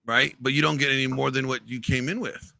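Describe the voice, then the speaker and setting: A man's voice: mid-range voice, fairly even intonation, a little fast, gravelly, bright, forceful tone, dry recording. A man hosting a live online panel, arguing his point insistently and often repeating himself. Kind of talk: heated debate.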